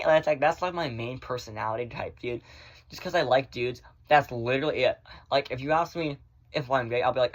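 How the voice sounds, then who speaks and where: A man's voice: medium pitch, a little fast. A man ranting casually into his phone at home, blunt and sassy, with lots of fillers and swearing. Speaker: vlogger. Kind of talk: casual rant to camera.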